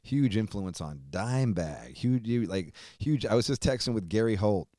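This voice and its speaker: A man hosting a show, giving an emotional tribute while on the verge of tears, swearing often and trailing off quietly. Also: lowish voice, lively intonation, normal speed, no echo, studio quality. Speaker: host.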